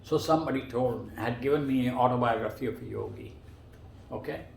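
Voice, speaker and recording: A man casually telling personal stories as a guest, animated and climbing much higher in pitch when he quotes other people. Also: a little fast, vocal fry, a little hiss or hum. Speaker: guest storyteller. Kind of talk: casual spoken storytelling. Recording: roomy echo.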